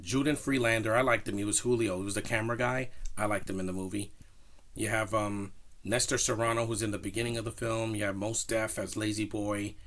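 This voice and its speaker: A man giving a casual, rambling spoken film review, opinionated and animated. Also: on the low side, fairly quick. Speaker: movie reviewer.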